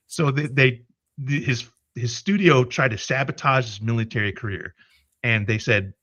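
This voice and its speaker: A man's voice: mid-range voice, normal speed, no room sound, muffled recording. A man telling a story in a casual livestream chat, cursing freely and restarting his sentences as he goes. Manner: profane, animated retelling with many restarts. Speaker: podcast co-host.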